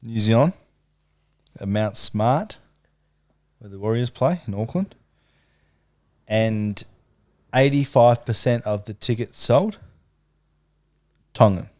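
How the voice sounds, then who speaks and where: A man's voice: mid-range voice, takes it slowly, pauses often, a little mellow. A young man hosting a casual podcast chat among mates, steering through the segments and swearing freely. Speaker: podcast host.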